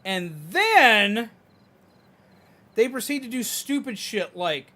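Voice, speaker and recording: His pitch is extremely high and his delivery slow as this young streamer rants while gaming. He swears freely, mocks people by mimicking them in put-on voices, and keeps it casual and animated.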